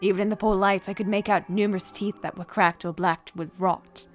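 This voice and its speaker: A woman reading as a cold, calm young man. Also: mid-range voice, soft background music, lightly acted. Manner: even, measured reading of game text. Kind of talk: reading a game aloud on a live stream.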